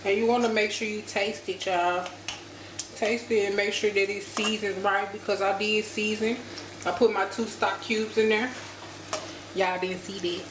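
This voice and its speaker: A woman's voice: mid-range voice, level tone, moderate pace. A woman, a home cooking vlogger, chatting casually to viewers as she shows a dish step by step in her kitchen. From United States. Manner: chatty, addresses viewers as y'all. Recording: echoey kitchen with cooking noise.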